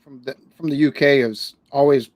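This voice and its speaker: A man's voice: mid-range voice, steady tone, moderate pace, no room sound. Rambling man in a dry close recording. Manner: rambling, swears casually, frequent restarts. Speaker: podcast guest, reaction channel creator. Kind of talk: casual interview chat.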